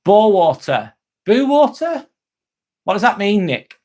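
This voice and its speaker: An English man talks through a relaxed livestream, answering his viewers' comments one by one and calling them by name. He is laid-back and loose, dropping the odd swear word, and his voice sits a little higher than most men's. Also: moderate pace. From England. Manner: chatty, greets viewers by name, swears casually. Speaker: live streamer.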